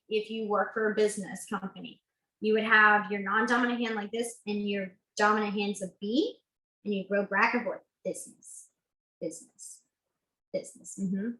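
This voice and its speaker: A woman's voice: medium pitch, sharp tone, reverberant, low-quality recording. A woman teaching a beginners' sign language class, chatty and self-correcting, laughing easily. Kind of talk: online class instruction.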